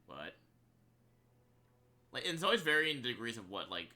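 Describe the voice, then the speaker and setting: Guy streaming a game, super bright tense voice, rambles with lots of likes, laughs a bunch. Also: mid-range voice, very animated, moderate pace, pauses often. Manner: rambling, filler-heavy, laughs often. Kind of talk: casual live-stream chat while gaming.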